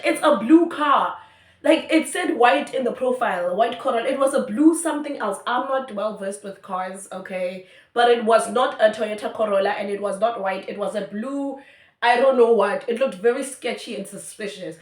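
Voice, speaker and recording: A young South African woman telling a story in a chatty, animated way, full of fillers. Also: a little high, normal speed, echoey room. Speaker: YouTuber. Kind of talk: storytime vlog.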